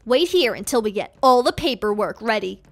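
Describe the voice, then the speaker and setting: A woman's voice: a little high, lively intonation, fairly quick, voice pushed down. Woman doing a stern security officer.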